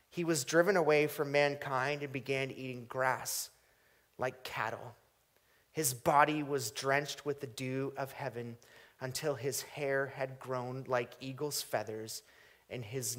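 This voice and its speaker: A man preaching a sermon, reading scripture aloud and swinging from booming emphasis to hushed, drawn-out phrases. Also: fairly even intonation. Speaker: pastor.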